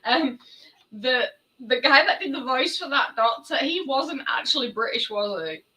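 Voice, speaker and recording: A woman with a bright, forward voice chats casually as a podcast co-host. She pokes fun at herself as she talks, and she is heard through a video call mic. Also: sits high, expressive, a little slow, rough recording. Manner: chatty and self-mocking. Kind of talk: casual chat.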